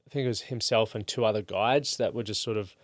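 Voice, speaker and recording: A man's voice: lowish voice, quick pace, no room sound, clean studio sound. Earnest man in his thirties, podcast guest. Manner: earnest and open, with casual fillers like "like". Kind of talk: casual podcast conversation.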